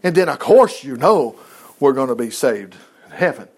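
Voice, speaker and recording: A man's voice: mid-range voice, very animated, moderate pace, slightly rough. A man preaching a sermon, reading scripture aloud and breaking in with folksy, laughing asides and acted-out voices.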